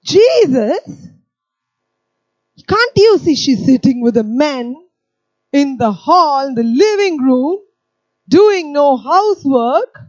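A woman's voice: big pitch swings, takes it slowly, pauses often, a little mellow, dry recording, highs cut off, heavily acted. A woman voicing an indignant, overworked woman who complains shrilly that her sister is not helping. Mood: aggrieved. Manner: shrill, aggrieved pleading.

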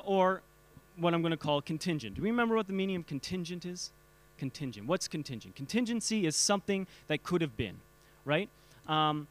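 Man, casual church teacher, stammering restarts, engages the audience, voice on the high side. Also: fairly bright tone. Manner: halting, repeats words, asks the audience questions.

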